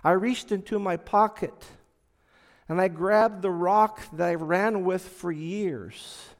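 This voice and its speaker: Slow, earnest man telling a testimony. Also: sits high, in a large hall. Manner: slow, earnest storytelling that swings from hushed to loud. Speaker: speaker giving a testimony. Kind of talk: personal testimony talk.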